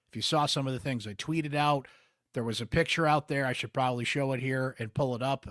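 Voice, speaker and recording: A man's voice: mid-range voice, fairly bright tone, dry recording. A man with a Central New York accent hosting a postgame sports podcast, chatty and candid with wry asides, close on the mic.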